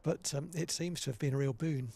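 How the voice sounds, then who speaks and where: A man's voice: a little high, fairly quick, vocal fry, dark tone. A middle-aged man, a retired player giving chatty, wry co-commentary on live cricket. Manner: chatty, wry, musing asides.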